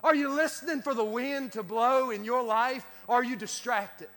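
A man's voice: extremely high pitch, moderate pace, fairly bright tone. A man preaching a sermon as pastor, repeating words and restarting phrases as he builds his cadence. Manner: repetitive stammering restarts, rising to a preacher's cadence. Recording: long hall reverb.

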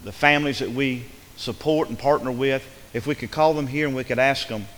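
A male pastor preaching a sermon in a church sanctuary, swinging from fervent, emphatic passages down to soft, quiet ones. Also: mid-range voice, a little fast. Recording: reverberant hall with faint hiss.

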